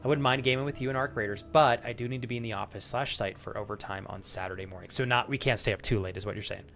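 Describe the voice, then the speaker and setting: A man talks casually with his live-stream audience while he plays, addressing viewers by name. His pitch sits in the middle and his delivery is chatty, with the occasional swear word. Game music plays faintly in the background. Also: fast, vocal fry, a bit bright.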